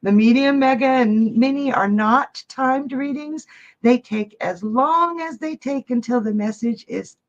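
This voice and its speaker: A woman's voice: high-pitched, a little slow, highs cut off. A woman hosting a live psychic reading stream, chatty and upbeat, greeting viewers and reading their chat messages aloud.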